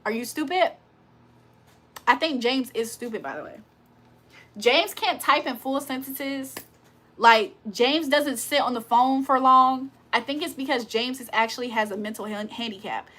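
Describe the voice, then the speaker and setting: A woman's voice: sits high, normal speed, bright, forceful tone. A woman hosting a casual livestream, talking bluntly and confrontationally with plenty of profanity. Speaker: livestream host.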